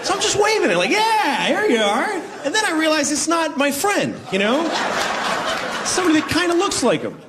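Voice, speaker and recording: Rambling stand-up man, very animated pitch. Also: fairly quick. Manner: rambling, self-deprecating, acts out bits in high shouted voices. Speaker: stand-up comedian. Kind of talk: stand-up comedy. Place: large concert hall with a laughing audience. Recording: live concert recording with crowd noise. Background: audience laughter.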